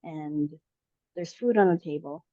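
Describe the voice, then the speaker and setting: A woman's voice: low-pitched, measured pace, dry recording. A woman casually telling a personal story on a podcast, with many fillers and restarts. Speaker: podcast guest. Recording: dull lo-fi audio.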